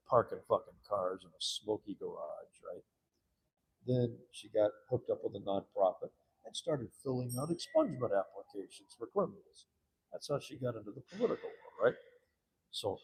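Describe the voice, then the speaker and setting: A man's voice: fairly low pitch, husky. A man giving a rambling, profane interview, acting out the people in his stories. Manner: profane, animated, acts out quoted people. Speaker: interview guest. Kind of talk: rambling candid interview talk.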